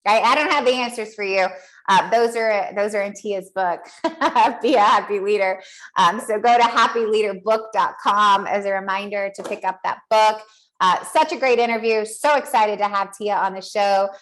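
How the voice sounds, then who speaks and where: A woman's voice: medium pitch, normal speed, a bit bright. A woman hosting a podcast, recapping an interview in an upbeat, encouraging, chatty way. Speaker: podcast host.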